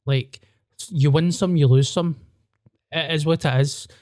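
A man's voice: a little high, fairly even intonation, measured pace, darkish tone. A Glaswegian man, a stand-up comedian hosting a podcast, chatting casually, bluntly and with self-mocking swearing. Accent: Glaswegian Scottish.

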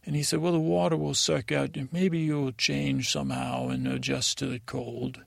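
A dreamy, easily confused young prince, played by a man drifts through a rambling sleep-story monologue. His voice is deeply gravelly and sits in a middle pitch. He halts and restarts constantly, and the sound is close and dry. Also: little pitch movement, no echo. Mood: wistful. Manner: halting and rambling, full of restarts and retold dialogue. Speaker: podcast host.

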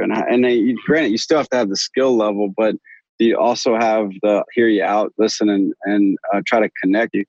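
A man's voice: on the low side, a little mellow, dry recording. Man, surgeon guest, earnest rambling talk, dry close sound, dull muffled audio. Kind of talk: conversational interview answers.

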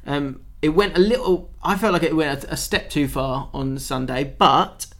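A man leads a casual football podcast. He sits a touch higher in pitch than most men. He tells anecdotes animatedly and acts out what people said. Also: normal speed. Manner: animated storyteller, acts out quotes. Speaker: podcast host.

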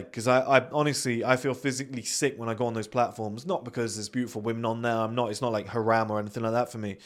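A man hosting a podcast, talking in a blunt, profane, ranting monologue. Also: medium pitch. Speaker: podcast host.

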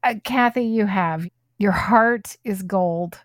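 A woman hosts a podcast in a relaxed, unhurried way, gushing with enthusiasm as she chats. Her voice sits at a middle pitch and is recorded close and dry, with no room sound around it. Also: dry recording. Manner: effusive, enthusiastic. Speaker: podcast host. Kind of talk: casual podcast chat.

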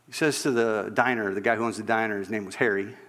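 A man preaching a sermon, telling a story and acting out its voices, dropping to a hush at the end. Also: on the low side, fairly even intonation, fast, in a large hall.

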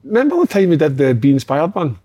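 A man's voice: fairly high pitch, big pitch swings, quick pace, warm tone. A man with a Scottish accent chatting casually, often repeating his first words and poking fun at himself. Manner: stammers on first words, self-mocking. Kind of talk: casual chat.

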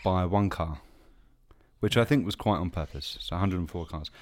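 A man with a deep, low voice co-hosts a casual film podcast. He talks with eager enthusiasm, spinning stories as he goes. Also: moderate pace. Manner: enthusiastic, storytelling. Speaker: podcast co-host. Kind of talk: casual chat.

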